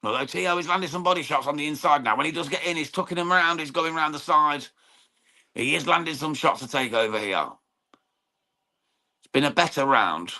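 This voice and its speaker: A man's voice: a little high, brisk, pushed and bright. An English man hosting a live boxing watchalong, chatting casually with viewers, calling mate often, swearing freely and commenting on the fight. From England. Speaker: watchalong stream host.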